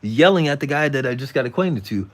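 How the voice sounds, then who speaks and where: A man's voice: mid-range voice, animated, fast. A man hosting a live stream, telling a rambling story in slangy casual talk, sounding tired. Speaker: livestream host.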